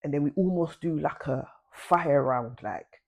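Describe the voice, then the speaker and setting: A woman chats through a personal story for her vlog. She talks loosely and uses plenty of slang. When she plays out bits of conversation, her voice leaps up in pitch. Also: measured pace, vocal fry, darkish tone. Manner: chatty and slangy, swings pitch to act out quoted talk. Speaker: vlogger. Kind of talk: casual storytelling to camera.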